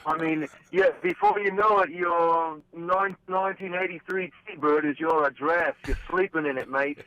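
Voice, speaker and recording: A man's voice: fairly high pitch, steady tone, moderate pace, sharp tone, voice pushed up. A man putting on a jokey English accent as a broke touring wrestler listing his costs. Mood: joking. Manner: jokey, rolling list of complaints. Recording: dull dry phone line.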